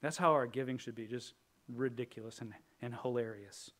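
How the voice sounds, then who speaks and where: A male pastor preaching a sermon with humor, switching between lively bursts and quiet, earnest stretches. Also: medium pitch, normal speed. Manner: animated and humorous, acting out prayers in a raised voice; drops to a quiet, earnest tone for serious points.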